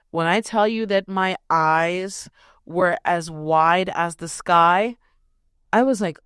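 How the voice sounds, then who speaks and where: A young woman hosts a podcast in a low, slightly slow voice with a fairly bright, smooth tone. The recording is studio quality with no room sound as she tells a personal story casually, bluntly, profanely, and emphatically.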